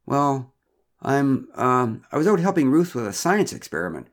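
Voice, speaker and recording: A rattled middle-aged father, loud and high-strung, stammering through excuses, as a man puts him on. The voice jumps around with plenty of swing, blustering and defensive. A storybook figure. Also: very animated, normal speed, close to an everyday voice. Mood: flustered. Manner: blustering, stammering, protests too much.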